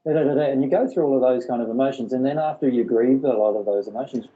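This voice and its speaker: A man's voice: medium pitch, quick pace, narrow, tinny audio. A man leading a spiritual workshop, explaining earnestly and often repeating his words. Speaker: workshop teacher.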